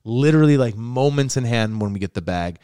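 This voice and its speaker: A young adult man from Buffalo, New York, a comedian guest telling a wild story in casual chat, animated and swearing. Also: mid-range voice, fairly quick, smooth, dry recording, clean studio sound. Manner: animated, swearing, gets loud and laughs as the story builds.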